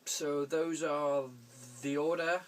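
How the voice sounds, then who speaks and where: A man's voice: on the high side, flat delivery, slow. A young man chatting through viewer questions in a rambling way, chuckling often and swearing casually. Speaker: vlogger answering viewer questions. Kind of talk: casual Q&A video. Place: room at home.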